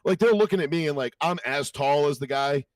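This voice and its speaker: A man's voice: fairly high pitch, brisk, no echo, recorded from a distance. A man hosting a podcast, telling stories casually and profanely, acting out quotes in raised voices. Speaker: podcast host. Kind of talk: casual storytelling chat.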